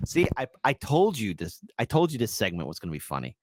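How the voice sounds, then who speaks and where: A man hosting a casual commentary show, jokey and excitable, and often poking fun at himself. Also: lowish voice, fast talker, few pauses, no room sound, studio quality. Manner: jokey, excitable, self-mocking.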